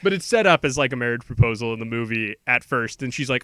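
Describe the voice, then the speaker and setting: A man co-hosting a podcast, rambling through a movie plot and slipping into quick quoted voices for the characters. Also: mid-range voice, lively intonation, sharp tone, no echo, studio quality. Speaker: podcast co-host. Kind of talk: casual movie recap chat.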